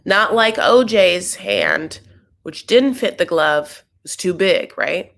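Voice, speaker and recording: A woman's voice: fairly low pitch, lively intonation, takes it slowly, gravelly, fairly bright tone. A young adult woman hosting a casual TV recap, chatty and sassy with rambling asides. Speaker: host.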